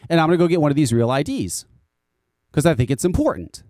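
Fast and sing-song, this man's voice sits on the high side and has a slightly mellow quality. He's a podcast host from the United States, ranting casually with lots of swearing and repeated words, recorded in a clean studio with no room sound.

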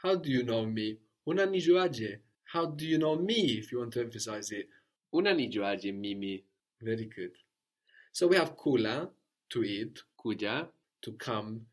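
Guy teaching a language lesson, patient, kinda husky voice, keeps asking "no?". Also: lowish voice, lively intonation, moderate pace. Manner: patient, prompts and corrects, often ends with "no?". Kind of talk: guided spoken language lesson.

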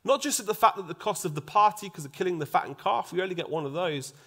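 A man preaching a sermon, acting out the voices in the story and dropping to a soft hush for emphasis. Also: high-pitched, fast talker. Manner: animated, acts out quoted voices, drops to a soft hush for emphasis.

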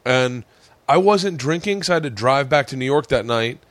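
This podcast host, a middle-aged man from Florida, tells stories in casual chat, animated and swearing as he acts out the voices of the people in them. His medium-pitched voice moves at normal speed, with no echo in the recording.

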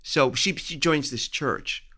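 A man's voice: mid-range voice, takes it slowly, pushed and bright. A man co-hosting a podcast, gossiping casually about a TV show and swearing now and then. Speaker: podcast co-host. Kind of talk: casual chat.

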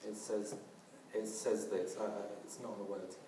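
A man's voice: on the low side, flat delivery, normal speed, dark tone, slight background noise. A man preaching a sermon earnestly, often restarting and using fillers. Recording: roomy, from a distance.

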